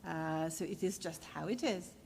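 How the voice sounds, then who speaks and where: A woman's voice: deep voice, gravelly, a little mellow, slight background noise. Woman lecturing in a reverberant hall. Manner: measured, with frequent "uh" pauses. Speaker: university lecturer. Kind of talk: academic lecture.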